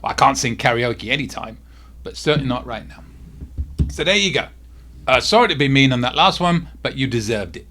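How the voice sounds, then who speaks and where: A man hosting a casual cruise vlog at home, talking softly because his face is sore, with frequent asides to a restless cat. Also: medium pitch, animated, fairly quick, a little hiss or hum. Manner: talks softly, easily distracted by a restless cat.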